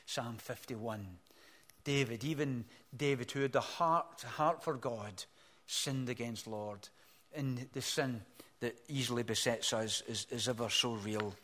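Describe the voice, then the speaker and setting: An older man preaching a sermon as pastor, earnest, swelling to emphatic peaks, then dropping soft and slow. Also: medium pitch.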